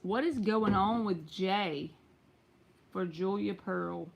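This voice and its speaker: A woman's voice: medium pitch, slow, vocal fry. A Southern woman, likely in her thirties or forties, giving a casual tarot reading on a live stream at home and chatting straight to her viewers. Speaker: tarot reader.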